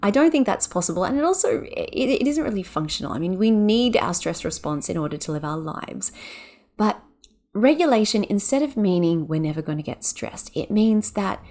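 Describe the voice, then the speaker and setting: A woman hosting a podcast who speaks with gentle, soothing guidance, leading a breathing exercise and talking with lively energy between exercises. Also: medium pitch. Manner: gentle, soothing, unhurried guiding; animated and quick when excited. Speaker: podcast host and yoga teacher. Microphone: podcast microphone.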